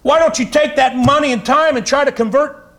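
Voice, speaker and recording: A man's voice: very high-pitched, brisk, fairly bright tone. A male pastor preaching a sermon to his congregation in a fiery, conversational way with chatty asides. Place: church sanctuary.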